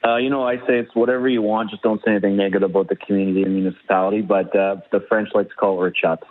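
Deep, flat-voiced man on a phone line. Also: very fast. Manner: upbeat, promotional, many fillers. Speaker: municipal mayor, radio guest. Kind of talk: phone interview.

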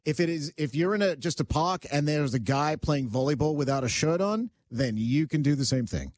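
A man's voice: a little high, animated, moderate pace, no room sound, studio quality. A man hosting a radio talk show, arguing his point emphatically and joking about himself. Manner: emphatic, argumentative, self-joking.

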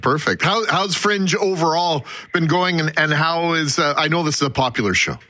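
A man co-hosts a live radio interview in a relaxed, chatty way. His voice sits a little high and sounds bright. The sound is dry and close to the mic. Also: moderate pace, no room sound. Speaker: radio co-host.

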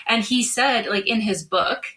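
An emphatic, opinionated woman being interviewed, her voice bright and sharp. She often restarts her sentences as she pushes her points. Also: on the high side, measured pace. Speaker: guest, marketing strategist.

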